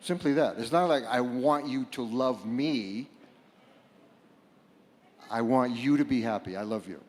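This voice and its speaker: A man giving a reflective public talk to a live audience, halting and repeating words, at times rising to loud bursts. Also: medium pitch. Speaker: speaker at a book fair panel. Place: large hall before a live audience. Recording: long hall reverb.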